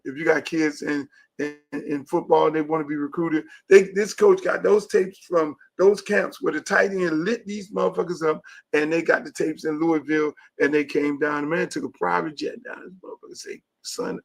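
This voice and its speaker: A man hosting a show, ranting about football with loud, profane, emphatic repetition. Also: a little high, fairly even intonation, normal speed, creaky. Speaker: talk show host; high school football coach. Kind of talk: profane sports rant.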